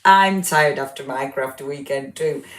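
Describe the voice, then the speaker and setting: A woman's voice: rumbling low, moderate pace. A woman hosting a craft live stream, chatting casually and greeting viewers by name, tired after a big dinner. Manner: chatty, warm greetings, many fillers, self-deprecating. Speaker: livestream craft host. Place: home craft room. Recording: echoey room.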